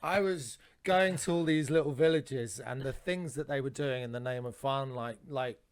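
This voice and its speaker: A man's voice: mid-range voice, moderate pace. A man, a comedian telling rambling anecdotes on a podcast with frequent restarts and swearing. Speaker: comedian guest.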